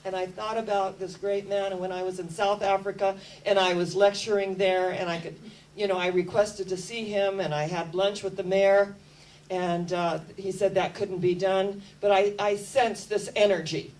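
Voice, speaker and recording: Woman, storytelling talk, lively and spiritual, mid-pitched voice, slightly off-mic with a faint hum. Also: moderate pace, far from the mic, low-quality recording. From United States. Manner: lively storyteller, talks about energy with spiritual warmth. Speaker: speaker.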